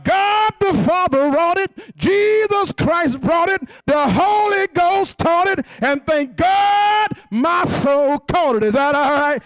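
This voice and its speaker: Whooping preacher man, high voice. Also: animated, slow pace, few pauses, dry recording, studio quality. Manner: whooping, sing-song cadence with call-and-response; often shouts. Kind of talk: sermon.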